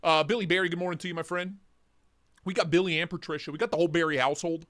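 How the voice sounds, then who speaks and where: A man's voice: a little high, fairly even intonation, rapid-fire, a bit bright. A man hosting a casual morning livestream. He greets viewers by name, jokes and rambles. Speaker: livestream host.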